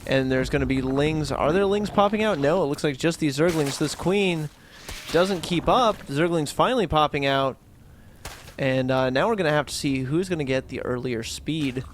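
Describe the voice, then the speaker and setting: A man doing quick, excitable play-by-play commentary on a strategy game match. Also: a little high, a little hiss or hum. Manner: quick, excitable, rises on big plays. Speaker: esports caster.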